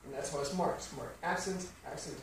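A man's voice: fairly high pitch, brisk, gravelly, a little hiss or hum. Man teaching piano in an echoey room. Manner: explanatory, counts beats aloud over playing. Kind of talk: piano lesson walkthrough. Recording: very echoey room, slightly distant mic, piano playing.

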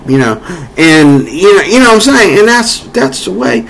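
A man's voice: sits high, big pitch swings, normal speed, creaky, a bit bright, rough recording. Rambling, heated American man ranting. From United States. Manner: rambling, repetitive, heated with frequent fillers. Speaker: vlogger. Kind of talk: political opinion rant.

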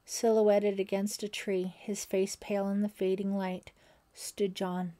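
A woman narrating a thriller audiobook in a steady, suspenseful storytelling manner. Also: medium pitch, unhurried.

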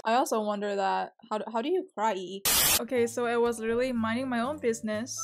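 A woman's voice: fairly high pitch, fast talker. A young woman vlogger giving playful, giggly game commentary with dramatic outbursts. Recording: loud background music. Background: loud music.

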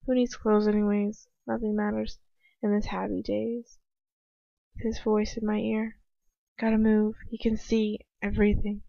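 A woman's voice: mid-range voice, monotone, unhurried, creaky, dry recording, muffled recording. Woman casually reading fanfiction aloud. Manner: casual, breaks off to comment and laugh. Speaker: fanfiction reader. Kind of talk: amateur first-person story reading.

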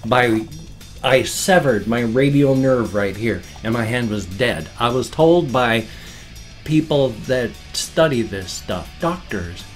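A man's voice: mid-range voice, expressive, slow, faint music behind. A man in his fifties chatting casually in his vlog, rambling and easily sidetracked. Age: 50s. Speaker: vlogger. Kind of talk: casual chat.

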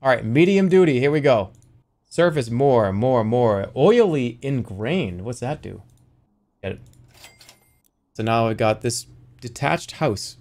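A man's voice: mid-range voice, expressive, unhurried, pauses often, darkish tone. A male streamer chatting loosely with his viewers while he plays. He rambles from joke to joke in a casual, offhand way. His voice sits in an ordinary middle range. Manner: jokey, rambling, slips into silly voices. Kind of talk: casual livestream chat while gaming.

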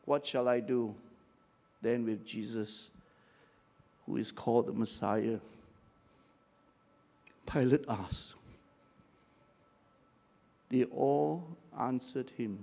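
A man's voice: mid-range voice, drawn-out words, vocal fry, pauses often. An older man preaching a dramatic sermon and leading the congregation in call-and-response. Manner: dramatic, leads the crowd in call-and-response shouts. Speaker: pastor.

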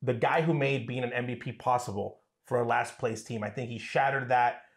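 A man's voice: mid-range voice, steady tone. Enthusiastic man in an echoey room. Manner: rapid, enthusiastic recollection. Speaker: co-host, son of the host. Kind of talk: casual chat. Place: home room. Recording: roomy echo.

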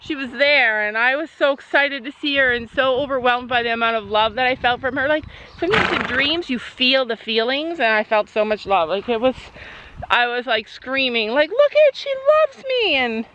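Standing by a horse near a road, a middle-aged woman who is a mother and vlogger chats casually, her story meandering with lots of fillers. She speaks at normal speed with a fairly high pitch, and the recording is muffled with background noise.

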